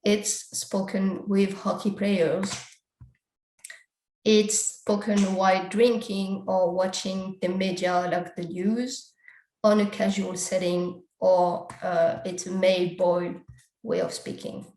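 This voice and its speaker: A woman gives an academic conference talk, moving through her slides and explaining survey results one step at a time while often quoting the survey questions. Her medium-pitched voice is slow, slightly mellow, and fairly flat in pitch. The recording is reverberant and low in quality.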